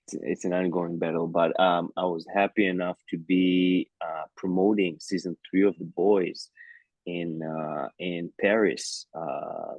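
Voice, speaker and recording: A man's voice: deep voice, fairly even intonation, a little slow, a little mellow, dry recording, highs cut off. A man with an Israeli accent chatting playfully as an actor guest in a video-call interview, with many fillers and restarts.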